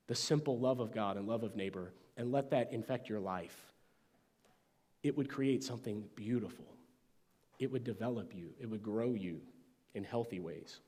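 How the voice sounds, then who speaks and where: A man preaching a sermon as pastor, with emphatic phrasing that sometimes drops to a soft, hushed tone. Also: mid-range voice. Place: church sanctuary. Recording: long church reverb.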